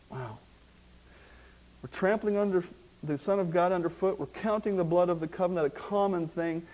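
High-voiced emphatic male preacher. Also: low-quality recording. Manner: emphatic, slowing down to stress key words; swings between hushed asides and loud rising emphasis. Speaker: pastor. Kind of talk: sermon. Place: church.

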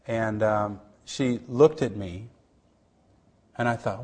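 Middle-aged man giving an earnest testimony. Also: fairly low pitch. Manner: earnest, halting storytelling with many restarts; drops to a hush at tender moments. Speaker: missionary. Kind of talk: personal testimony.

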